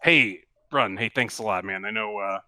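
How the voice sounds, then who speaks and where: A man's voice: fairly low pitch, normal speed, bright, forceful tone, no echo. A man voicing a chatty, friendly male ghoul who runs an apothecary, talking casually with lots of fillers.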